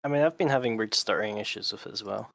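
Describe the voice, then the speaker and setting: A man running a live tabletop game as game master, talking in a relaxed, matter-of-fact way. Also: on the low side, very fast, vocal fry, no room sound.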